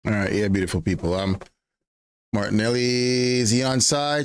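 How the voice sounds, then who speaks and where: A man hosting a fan watch-along, giving casual live match commentary in slang, swinging between flat grumbling and excited yelps. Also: lowish voice, normal speed, clear, resonant tone. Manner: slangy, keeps saying bro.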